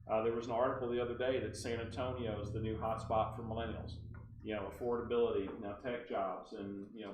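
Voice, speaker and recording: A man, giving a training talk to real estate agents as an animated storyteller with frequent asides to the room. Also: fairly low pitch, far from the mic. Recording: roomy room, voice off-mic.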